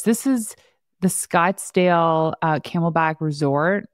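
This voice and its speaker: A woman's voice: lowish voice, moderate pace, no echo, clean studio sound. A woman podcast host telling stories in a chatty way and laughing often. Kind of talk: casual conversation.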